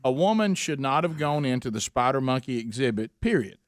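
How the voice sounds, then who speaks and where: Middle-aged Southern radio co-host, dry close-mic sound, cracks jokes and slips into mock-serious impressions. Ready to banter in an even, mid-pitched voice. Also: male voice, a little fast, dry recording. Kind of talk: casual banter.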